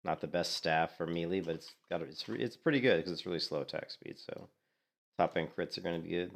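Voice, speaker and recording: Man, very low voice, gravelly fry, congested, relaxed gameplay commentary. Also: fast talker. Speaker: game streamer.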